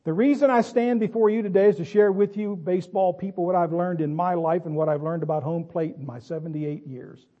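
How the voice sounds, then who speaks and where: A man's voice: high-pitched, fairly even intonation, fairly quick, hardly any pauses, highs cut off, natural voice. A man voicing an irritable old baseball coach who barks pointed questions at a crowd.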